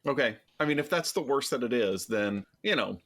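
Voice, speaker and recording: A man co-hosting a podcast, talking in a thoughtful, halting way that often restarts his sentences. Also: mid-range voice, lively intonation, a bit bright. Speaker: podcast co-host. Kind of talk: casual chat.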